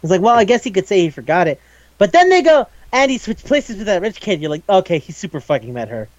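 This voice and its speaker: A man in casual chat, recapping an anime, loose and profane, quickly acting out the characters' lines. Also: high voice, sing-song, dry recording, lo-fi sound. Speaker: podcast co-host.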